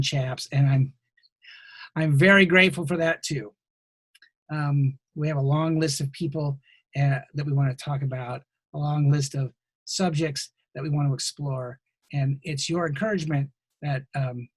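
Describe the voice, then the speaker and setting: A man hosting a podcast interview over a video call, talking casually with lots of ums and pauses. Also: a little high, steady tone, slightly rough, no room sound. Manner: hesitant, many ums, warm thanks. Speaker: podcast host.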